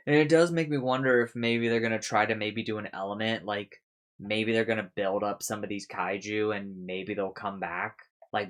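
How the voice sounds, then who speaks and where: Guy chatting thru a show recap, kinda low voice, rambly, cusses a lot, laughs at his own bits. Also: a bit bright. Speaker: reaction video host. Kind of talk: casual episode recap and reaction.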